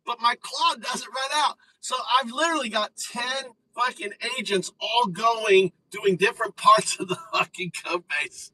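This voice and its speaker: A man chatting casually on a live stream in an excitable way, swearing and restarting his sentences. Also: sits high, moderate pace, few pauses, recorded from a distance, poor audio. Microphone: phone.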